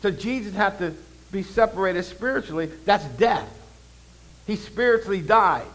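High-voiced male preacher, call-and-response. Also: normal speed, low-quality recording. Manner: swings between loud proclaiming and low conversational asides. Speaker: pastor. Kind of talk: sermon.

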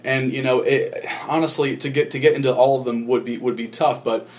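A man's voice: medium pitch, fairly even intonation, a little fast, darkish tone. A man guest on a talk show earnestly telling his own story, often repeating himself and restarting sentences. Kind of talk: personal testimony in conversation.

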